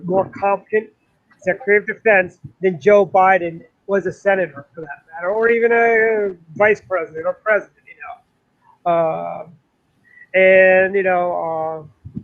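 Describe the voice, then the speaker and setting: A man's voice: high voice, highs cut off. A man co-hosting a political talk show, indignant and rambling with lots of fillers. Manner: indignant, talks in long runs with many fillers. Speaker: co-host. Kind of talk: political commentary chat.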